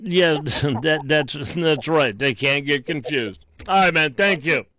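A man's voice: fairly high pitch, slow, sharp tone, no echo. A man hosting a call-in radio show, chatting easily with callers and rambling through frequent restarts. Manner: easygoing, rambling with many restarts. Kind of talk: casual call-in chat.

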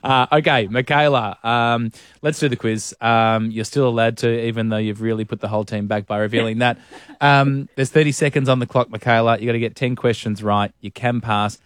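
A man hosting a radio quiz, teasing his co-host and reading questions briskly. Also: mid-range voice, steady tone, smooth, dry recording, studio quality.

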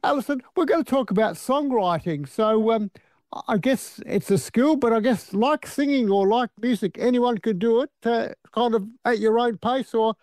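A man's voice: very high voice, normal speed, darkish tone, no echo, studio quality. A man hosting a radio interview, asking questions hesitantly with many fillers. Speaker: radio host.

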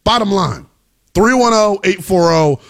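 A man hosting a sports talk radio show, delivering an emphatic monologue that rises to shouting at its peaks. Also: high-pitched, lively intonation, unhurried.

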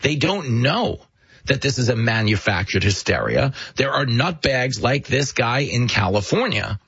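Husky male host, lively delivery, mocking political commentary, dry dull studio sound. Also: mid-range voice, measured pace, no echo. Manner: animated, mocking storyteller. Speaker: show host.

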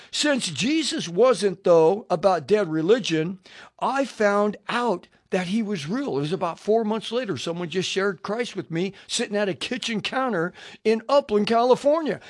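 An older male radio preacher with a notably high voice for a man. He delivers a personal testimony sermon, animated and storytelling, slipping into the voices of the people in his tale. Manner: animated storyteller acting out dialogue.

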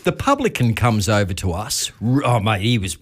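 A man's voice: on the low side, big pitch swings, normal speed, slightly rough. An Australian man hosting a podcast, telling laid-back stories in casual chat and chuckling along. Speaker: podcast host.

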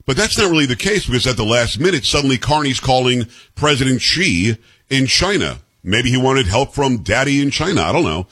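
Lively man hosting talk radio. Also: mid-range voice, brisk, husky, dry recording. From New York. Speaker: radio talk show host. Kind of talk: casual talk radio chat.

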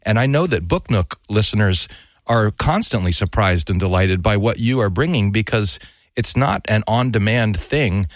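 Low-voiced man making a radio pledge appeal. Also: lively intonation, normal speed, dry recording. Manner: earnest, persuasive pitch to listeners. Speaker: radio fund drive co-host. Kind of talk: fund drive appeal.

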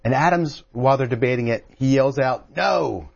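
A man who wrote a book, telling a story as a guest on a call-in radio show. He talks in an animated way and keeps restarting his sentences. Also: mid-range voice, brisk, muffled recording. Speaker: author guest.

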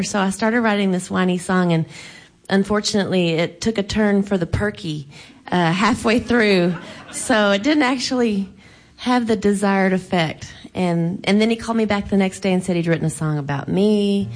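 A woman's voice: medium pitch, moderate pace. A woman singer-songwriter telling a light, giggly story on stage during a live radio show.

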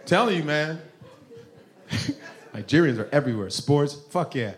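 A man doing a stand-up comedy set, animated and laughing, with loud character voices. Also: a little high, slow pace. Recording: echoey club with crowd noise.

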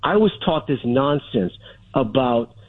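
A man's voice: medium pitch, lively intonation, unhurried, husky, no room sound. A middle-aged man calling a radio show, arguing insistently and holding his ground over interruptions. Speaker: caller. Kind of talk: radio call-in talk. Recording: phone line.

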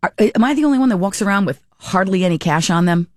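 A woman's voice: mid-range voice, animated, fast talker, no echo, clean studio sound. A middle-aged woman telling a rambling, casual story, chatty and amused, often correcting herself mid-sentence. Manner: chatty and rambling, with frequent restarts and self-corrections.

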